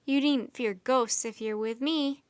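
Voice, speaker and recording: A woman's voice: high-pitched, measured pace, clear, resonant tone, dry recording. A woman reading the part of a cheerful young male apprentice wizard who speaks in a confident, reassuring and slightly formal way. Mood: assured.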